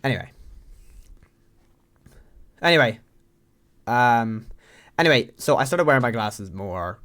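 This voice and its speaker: A man's voice: mid-range voice, expressive, measured pace, fairly bright tone. A young Irish man telling a story to camera in a rambling, profane, self-mocking way. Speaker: vlogger.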